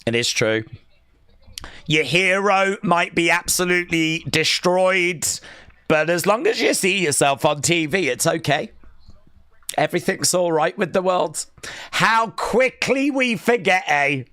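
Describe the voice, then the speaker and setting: A man hosts a live wrestling watch-along, calling the action with sarcastic, teasing remarks. His voice sits fairly high and bright, and he speaks at an unhurried pace. The sound is close and dry. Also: smooth, no echo. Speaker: live stream host.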